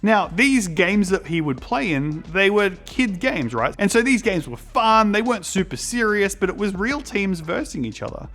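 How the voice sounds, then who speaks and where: An Australian man preaching to children, telling an animated personal story and acting out the voices in it. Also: high voice, moderate pace, hardly any pauses. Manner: animated, acts out voices in his stories. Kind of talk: storytelling sermon for kids.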